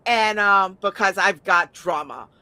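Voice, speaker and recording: A woman's voice: mid-range voice, unhurried, sharp tone, no echo. A middle-aged woman chatting casually as a podcast host, blunt and prone to swearing, stammering over repeated words and laughing often. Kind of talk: casual chat.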